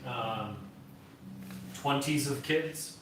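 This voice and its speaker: A man off camera explaining something in a hesitant, halting way, full of ums. He is far from the mic, and the room echoes heavily around him. A faint noise runs underneath. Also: mid-range voice.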